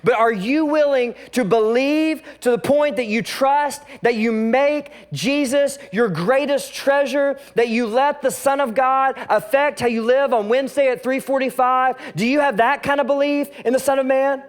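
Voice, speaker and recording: A male pastor giving a lively sermon, acting out the voices of the people in the story as he reads and explains. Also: very high-pitched, moderate pace, hardly any pauses, clean tone. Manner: animated, acts out the quoted voices of the story.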